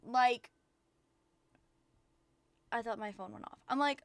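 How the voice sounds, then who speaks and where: A woman's voice: fairly high pitch, slow pace, long pauses, dry recording. A young woman streaming from home, venting and rambling with lots of profanity in casual chat.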